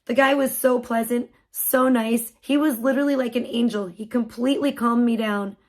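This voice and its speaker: A woman's voice: fairly high pitch, steady tone, moderate pace. A woman live streamer telling a story in a rambling, frazzled way and swearing freely. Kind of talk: casual storytelling on a livestream.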